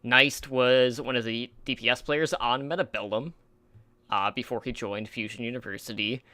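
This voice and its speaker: A man's voice: medium pitch, fairly even intonation, moderate pace, sharp tone, no room sound. A man hosting an esports talk show in a casual, rambling way, with lots of fillers, and he stumbles over player names. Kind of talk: casual esports podcast chat.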